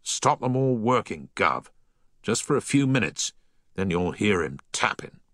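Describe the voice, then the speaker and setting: A man's voice: on the low side, sing-song, unhurried, a bit bright, no room sound, clean studio sound, voice pushed up, heavily acted. A man voicing an eager, urgent young dock worker in a story reading.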